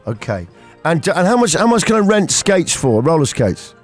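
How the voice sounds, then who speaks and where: A man's voice: a little high, normal speed, faint music behind. A man hosting a jokey radio show from a studio, telling stories with lots of energy. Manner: animated, joking storyteller. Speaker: radio host. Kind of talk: jokey breakfast radio chat. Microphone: studio microphone.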